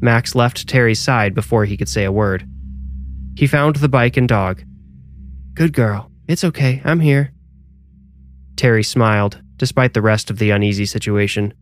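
A man narrating a scripted horror story in a measured, even storytelling way. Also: lowish voice.

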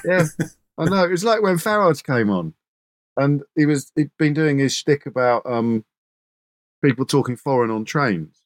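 A man's voice: mid-range voice, lively intonation, unhurried, no echo. A male radio presenter, a guest on a podcast, telling stories fluently and casually with repeated small words. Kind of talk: casual interview chat.

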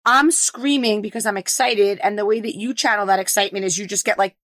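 A woman co-hosting a podcast, telling animated stories in a casual, excitable way. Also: medium pitch, fast talker, no echo. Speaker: podcast co-host. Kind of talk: casual chat.

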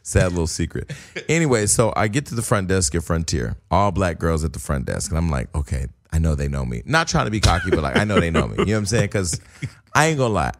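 A man's voice: low-pitched, quick pace. A man, casually telling a long funny story on a podcast and acting out the voices of the people in it. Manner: animated, acts out quoted voices, laughs while telling.

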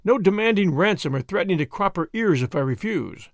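A man's voice: high voice, lively intonation, a little fast, no room sound, clean studio sound, pitched above the performer's own voice. A man voicing a brash, impatient businessman in his thirties with an American accent. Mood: blunt. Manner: blunt, impatient.

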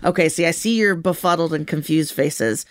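A woman's voice: low-pitched, normal speed. A woman talking casually in a group chat, laughing often and filling her talk with "like". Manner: laughs often, says "like" a lot.

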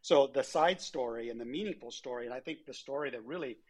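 A man's voice: medium pitch, fast talker. A man, a former airline chief executive, telling anecdotes in an interview and acting out the dialogue he quotes. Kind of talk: conversational storytelling interview.

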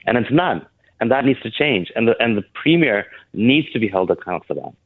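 A man, a guest on an interview, talking earnestly with halting restarts over a phone line. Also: medium pitch, big pitch swings, slightly rough, no echo. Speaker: guest, board member of an advocacy group.

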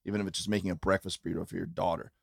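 Rambling Midwestern man, low voice, dry. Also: flat delivery, racing, vocal fry, dry recording. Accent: Midwestern American. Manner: rambling, restarts often, earnest. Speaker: stand-up comedian. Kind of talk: casual podcast chat. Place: tour bus.

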